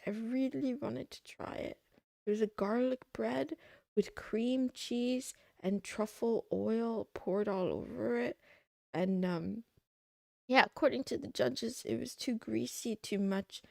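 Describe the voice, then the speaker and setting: Woman streamer, slow unhurried chat, slightly high voice, excitable rambling with playful meows, dry close sound. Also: creaky, no room sound. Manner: rambling and excitable, meowing between remarks. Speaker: livestreamer. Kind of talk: casual chat to a live audience.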